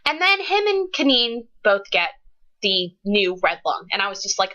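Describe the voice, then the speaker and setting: Bright, lively young woman, lo-fi audio. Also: mid-range voice, moderate pace. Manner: gushing, emotional, says "like" a lot. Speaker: book reviewer. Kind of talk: casual book review vlog. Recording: lo-fi dull webcam audio.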